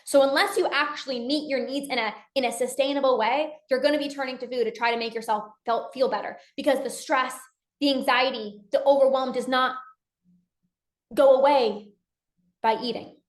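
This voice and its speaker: A woman speaks with a bright, high voice in a casual motivational talk. She talks earnestly as a coach and slips into quoted inner dialogue. The room around her rings with noticeable echo. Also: steady tone, normal speed. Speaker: binge eating coach.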